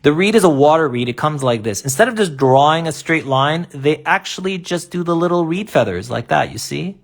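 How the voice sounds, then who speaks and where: A man's voice: on the high side, lively intonation, a little fast, vocal fry. Man teaching a live online lesson. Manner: explains step by step with many rhetorical questions and fillers. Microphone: laptop or phone mic in a live stream.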